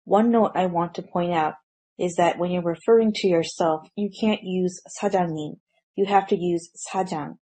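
A woman teaching a language grammar lesson in scripted narration, explaining clearly and reading out example sentences in a measured way. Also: on the low side, fairly even intonation, warm tone.

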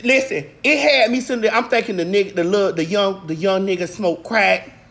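A woman talks straight to her viewers in a loud, profane vlog rant, her voice mid-pitched and nasal from congestion. She jumps from near-shouts and laughter to low, muttered asides. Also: a little fast. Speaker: vlog host. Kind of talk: casual rant recapping a movie.

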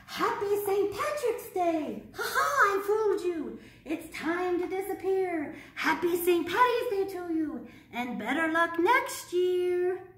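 A woman's voice: extremely high pitch, animated, takes it slowly, a bit bright, voice pushed up, heavily acted. A woman voicing a tricky, gleeful little male leprechaun in a taunting sing-song, read aloud from a storybook. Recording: echoey room, mic far off.

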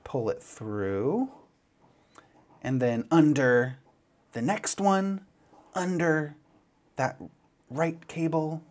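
A man's voice: fairly high pitch, very slow, pauses often. A man giving a step-by-step knitting tutorial, chatty and playful as he demonstrates each move. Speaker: knitting instructor.

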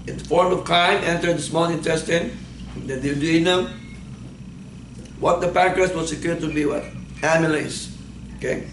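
A man with a fairly high voice is teaching a class. He quizzes his students with short questions and often supplies the answers himself. The recording comes from a roomy, echoey classroom with a faint hum behind him. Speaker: instructor.

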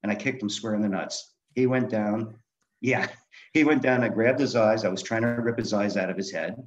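Older male guest, low-pitched, blunt raconteur with salty language, muffled recording. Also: fairly even intonation, normal speed. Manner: candid, swearing, laughs while telling. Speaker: guest author. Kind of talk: storytelling interview.

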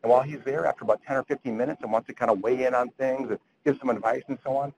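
A man's voice: medium pitch, steady tone, racing, vocal fry, darkish tone, a little hiss or hum, low-quality recording. A man lecturing physicians at grand rounds, retelling a story earnestly and often repeating words as he goes.

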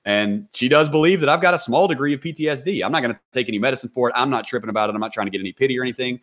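A man's voice: medium pitch, rapid-fire, a bit bright. A man talking as a guest on a podcast, blunt and laid-back, with a lot of casual slang.

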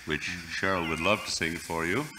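A man, an opera bass, talking casually on a panel, explaining things with plenty of hesitation. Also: moderate pace, noisy background. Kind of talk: conversational panel talk.

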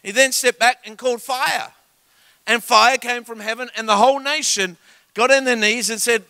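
High, bright-voiced Australian preacher. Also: male voice, moderate pace, no room sound. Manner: animated, joking, swings from quiet asides to shouts. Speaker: guest preacher. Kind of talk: sermon with comic storytelling. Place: church service.

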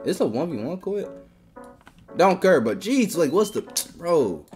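Woman, gaming commentary, profane and excitable, wildly swinging pitch, low-set voice. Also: a little slow, faint music behind. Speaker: gaming channel host.

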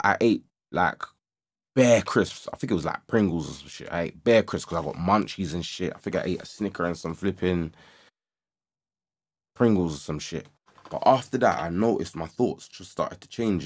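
A young man with a lowish voice, talking casually into a studio microphone. He tells a story in heavy street slang and grows animated, his voice jumping up when he acts out his frustration. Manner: slangy, animated, rising to agitated shouts when reliving the story. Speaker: livestream host. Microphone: studio microphone with audio interface.

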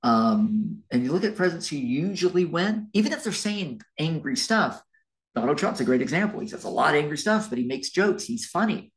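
A man's voice: a little high, very animated, a little fast, low-quality recording. A man, a college history lecturer, giving a recorded class lecture in a conversational, rambling way with fillers and restarts.

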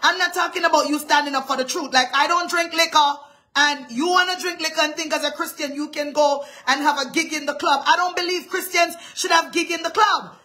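Woman pastor, high voice, bright and sharp tone, emphatic dramatic sermon delivery. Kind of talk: live-streamed sermon.

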